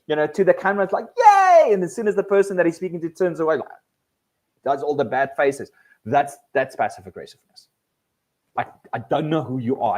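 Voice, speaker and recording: Male presenter, animated workshop delivery, restarts and repeats words. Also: fairly high pitch. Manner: animated, acts out quoted people with voice changes. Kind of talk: live workshop talk.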